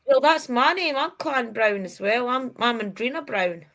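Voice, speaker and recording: A chatty Scottish woman co-hosting an online show, her voice a little higher than most. She talks in a friendly, colloquial way. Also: lively intonation, moderate pace, a bit bright. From Scotland. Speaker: co-host. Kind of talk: casual chat.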